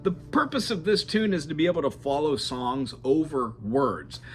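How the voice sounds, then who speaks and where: A man gives a casual beginner lesson on acoustic guitar, chatty and digressive, singing snippets of songs as examples while he plays. His medium-pitched voice is sing-song and moderately paced. Loud guitar playing sits under his voice.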